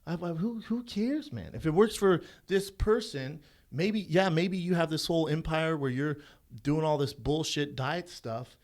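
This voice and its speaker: A man's voice: fairly high pitch, a little slow, a little mellow. A man co-hosting a podcast in casual chat, blunt and profane, with frequent fillers. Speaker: podcast co-host.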